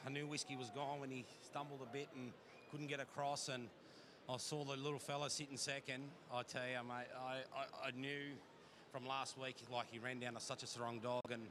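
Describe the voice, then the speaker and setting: A greyhound trainer, emotional and rambling, interviewed outdoors at the racetrack just after a win. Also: male voice, medium pitch, noisy background. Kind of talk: emotional post-race interview.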